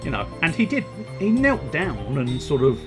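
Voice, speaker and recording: A man's voice: medium pitch, huge pitch swings, normal speed. A man giving casual, joking commentary over a game, often laughing and reading the dialogue aloud. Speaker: game let's-play commentator. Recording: game music behind.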